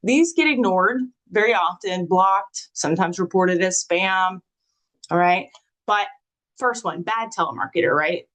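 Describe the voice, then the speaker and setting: A woman's voice: lowish voice, unhurried, poor audio. Woman, marketing trainer, upbeat and chatty, live class, acts out sample texts. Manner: energetic, conversational, acts out sample messages in sing-song voices.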